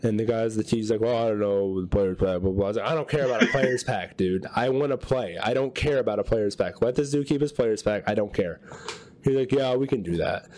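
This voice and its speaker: A man's voice: fairly low pitch, brisk. A man co-hosting a podcast, telling a long story in casual chat and acting out what people said. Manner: animated storyteller acting out quotes. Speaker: podcast co-host.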